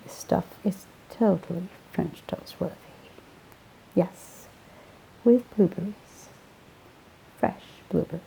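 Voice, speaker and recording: A woman's voice: fairly low pitch, slow, vocal fry, long pauses, warm tone, a little hiss or hum, exaggerated voice, rough recording. A woman doing a grumpy sarcastic young man. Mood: dreamy. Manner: glum, sarcastic.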